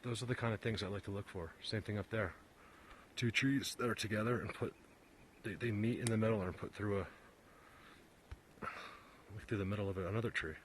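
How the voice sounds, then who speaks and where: A man's voice: on the low side, a little hiss or hum. Breathless man rambling on a forest walk. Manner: rambling, repeats himself, gets worked up. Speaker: vlogger searching for Bigfoot signs. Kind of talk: casual walking commentary. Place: outdoors in a forest.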